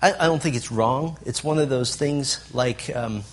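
In a medium-pitched voice at a moderate pace, a man teaches a Bible lesson to a group. He puts emphasis on lists and keeps asking the room questions.

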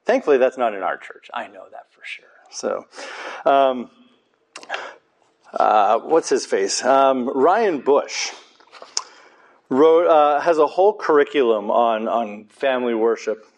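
A man's voice: medium pitch, slow pace. A man preaching a conversational sermon in a church, earnest and informal, with casual asides to his congregation.

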